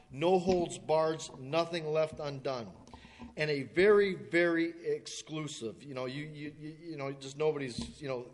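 A man preaching, telling a story in a folksy way, stammering now and then and clearing his throat as he acts out the people in it. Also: a little high. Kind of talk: sermon illustration storytelling. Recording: long hall reverb.

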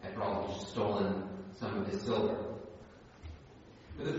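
A man preaching a sermon, deliberate and emphatic, stressing key words. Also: lowish voice, level tone, a little mellow, a little hiss or hum. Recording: echoey hall, distant, dull sound.

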